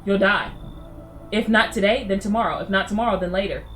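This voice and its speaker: A woman voicing an ominous stranger who calmly foretells death, cold and cryptic. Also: mid-range voice, a little fast, faint music behind, natural voice. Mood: menacing. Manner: calm, menacing and cryptic.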